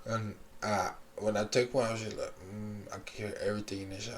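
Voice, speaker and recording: A man's voice: fairly low pitch, level tone, fast talker, a little hiss or hum. A young man telling a long story in casual chat, rambling with lots of fillers and restarts.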